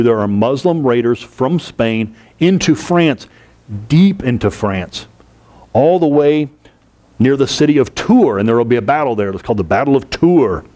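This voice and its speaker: A man at mid pitch giving a history lecture in a plain, steady voice. He explains by repeating key terms and slowing down to stress them, with the occasional rhetorical aside to his students. His delivery is unscripted classroom talk with small fillers and restarts.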